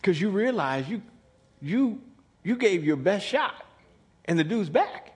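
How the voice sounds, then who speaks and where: A man preaching a sermon with lots of energy, acting out the Bible characters and swinging from hushed lines to loud ones. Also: high-pitched, big pitch swings, measured pace, slightly rough. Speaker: pastor.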